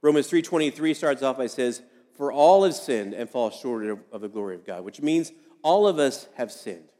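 A man's voice: medium pitch, lively intonation, normal speed, warm tone. Man preaching in a reverberant hall. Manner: conversational preaching, repeats key phrases. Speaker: pastor. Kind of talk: sermon.

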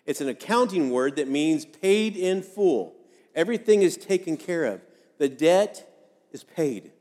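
Male pastor, fairly high voice, conversational sermon with repeated phrases, long hall echo. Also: big pitch swings, unhurried, darkish tone.

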